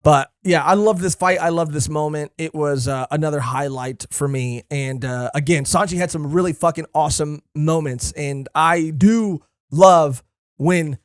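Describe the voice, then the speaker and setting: A man's voice: on the high side, normal speed, clean tone, no room sound, studio quality. A man co-hosting a podcast in a casual chat, enthusiastic and swearing freely. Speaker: podcast co-host. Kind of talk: casual chat about a comic series.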